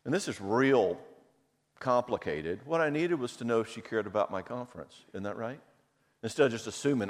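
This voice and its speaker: A man's voice: mid-range voice, a little fast. A middle-aged man giving a conversational talk, telling personal stories and acting out the voices he quotes. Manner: animated storyteller who acts out quoted voices. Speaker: speaker on marriage and anger. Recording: long hall reverb.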